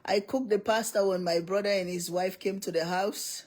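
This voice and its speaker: A woman's voice: mid-range voice, fairly even intonation, moderate pace, a little mellow. Middle-aged woman chatting on a home livestream, reads out viewer names, laughs a lot. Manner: laughs often, calls out viewer names one by one. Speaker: livestream host greeting viewers. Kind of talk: casual livestream chat.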